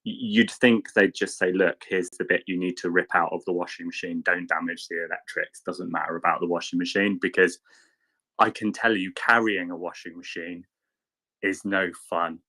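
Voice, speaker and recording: A man in casual chat, telling a rambling anecdote with lively quoted voices. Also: low voice, normal speed. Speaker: panelist.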